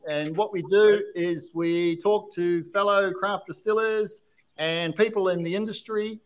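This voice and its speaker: An Australian man with a fairly high voice hosts a casual podcast chat. He is excitable and quick to laugh, and he often trips over his words and restarts. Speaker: podcast host.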